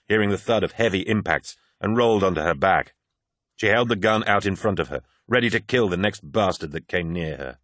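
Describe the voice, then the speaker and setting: A man narrating a science-fiction audiobook in a steady, measured way. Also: lowish voice, no echo, clean studio sound. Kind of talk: scripted narration.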